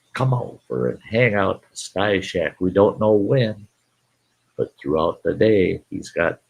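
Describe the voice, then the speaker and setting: A man's voice: sits low, vocal fry, slightly rough. A man hosting a holiday live stream in a casual, folksy way, greeting viewers by name and often repeating himself. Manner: folksy and repetitive, calls listeners folks.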